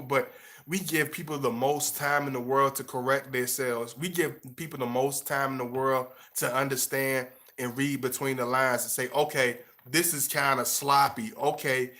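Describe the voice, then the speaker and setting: A man's voice: mid-range voice, sharp tone. A young man lecturing his viewers bluntly and passionately, stumbling over repeated words as he pushes his point. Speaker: vlogger giving relationship advice. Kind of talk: casual monologue to camera.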